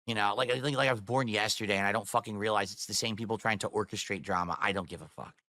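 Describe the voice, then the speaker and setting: A man's voice: on the low side, quick pace, sharp tone, dry recording, studio quality. A man live-streaming a heated rant to his chat, swearing and firing off rhetorical questions.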